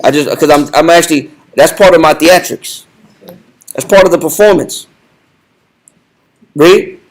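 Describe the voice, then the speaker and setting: High pitched guy running a bible study, bossy, keeps repeating stuff. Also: measured pace. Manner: commanding, directs the reader, repeats points.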